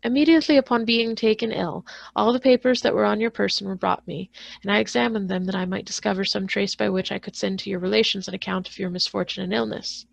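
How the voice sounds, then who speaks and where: A woman voicing a kindly but stern older male magistrate who speaks calmly and formally in a storybook reading. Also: medium pitch, fast talker, gravelly, no echo. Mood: concerned. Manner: calm, formal, reassuring speech.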